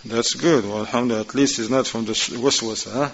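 A man teaching a class, reading Arabic passages quickly and then explaining them in informal, conversational English while asking his students questions. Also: mid-range voice, steady tone. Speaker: religious teacher. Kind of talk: class explaining a religious text. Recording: dull lo-fi recording.

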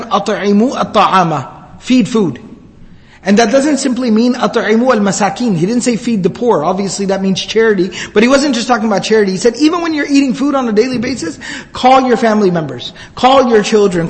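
Male preacher, higher voice, animated storytelling sermon, long hall echo. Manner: animated, recites Arabic quickly then explains in English. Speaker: Islamic preacher.

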